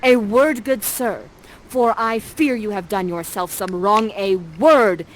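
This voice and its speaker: A woman playing a scheming, commanding sorceress mother, declaiming in a booming, theatrical way. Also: slow pace, a little hiss or hum, lightly acted.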